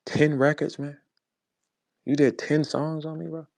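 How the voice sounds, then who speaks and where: His voice is a little high, flat, and a bit slow, with vocal fry and a darkish tone and no room sound. He is a St. Louis rapper in his forties, ranting profanely and confrontationally over a phone in an online audio chat room.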